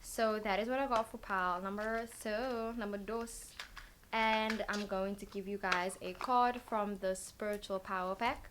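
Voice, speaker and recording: A woman's voice: mid-range voice, fairly even intonation, unhurried, fairly bright tone, a little hiss or hum. A woman giving a casual tarot reading, rambling and thinking aloud with lots of fillers. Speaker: tarot card reader.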